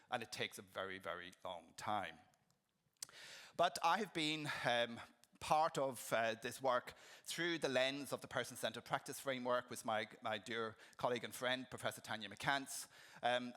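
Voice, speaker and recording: Middle-aged man, keynote speaker, bright forceful tone, chatty anecdotal delivery. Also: mid-range voice. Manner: conversational, anecdotal, frequent ums and restarts. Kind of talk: conference keynote talk.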